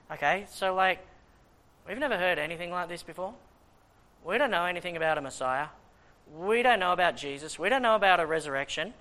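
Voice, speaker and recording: A man preaching a Bible teaching sermon, reading scripture slowly and acting out the questions of his listeners in lively asides. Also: high-pitched.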